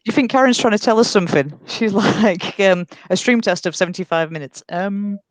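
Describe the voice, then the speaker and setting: A woman's voice: mid-range voice, fairly quick, no room sound, rough recording. A woman hosting a casual live stream, bantering and teasing her guests with lots of giggles. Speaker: stream host.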